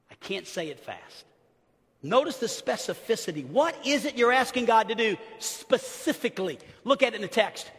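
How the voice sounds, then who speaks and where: A middle-aged man preaching a sermon as pastor, swinging from hushed murmurs to shouted emphasis and acting out the people in his stories. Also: high voice, normal speed, slightly rough. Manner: animated storyteller acting out quoted speech. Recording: long reverb of a large church hall.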